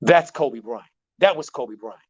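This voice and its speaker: A man, a basketball coach, telling a long story in an animated way, repeating words and using many fillers. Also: medium pitch, unhurried. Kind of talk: storytelling in a talk show. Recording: dull lo-fi sound.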